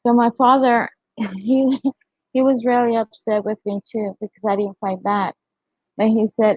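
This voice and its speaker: Middle-aged woman, casual stream host, laughs as she rambles; higher voice, dry, dull mic. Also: fairly even intonation, moderate pace, a little mellow, slightly rough, no room sound. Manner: rambling storytelling, laughing often. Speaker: livestream host. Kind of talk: casual chat with live viewers.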